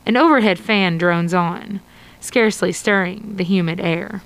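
A woman's voice: mid-range voice, measured pace, poor audio. A woman narrating an interactive adventure story for radio, reading steadily. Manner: steady read-aloud storytelling.

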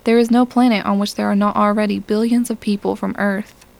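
A woman's voice: medium pitch, level tone, fairly quick, creaky, natural voice. Woman voicing Risha, a weary young alien woman. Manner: quiet, resigned, formal speech. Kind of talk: audiobook character reading.

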